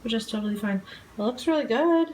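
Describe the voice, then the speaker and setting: A woman's voice: a little high, lively intonation, fast, darkish tone, reverberant, a little hiss or hum. A woman chatting casually in a home kitchen, telling stories and laughing as she goes. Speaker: vlogger. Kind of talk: casual chat.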